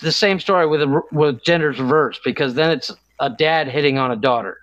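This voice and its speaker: A man's voice: on the high side, brisk, a bit bright, no echo, highs cut off. A man co-hosting a podcast in casual chat, rambling with many restarts and searching for words. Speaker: podcast co-host.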